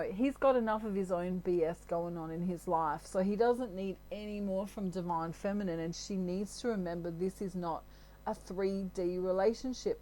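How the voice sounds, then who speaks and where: A woman's voice: mid-range voice, darkish tone, rough recording. A woman with an Australian accent, talking through a tarot reading in a casual, rambling way. She is chatty and giggly, with a mid-range voice. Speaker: tarot reader.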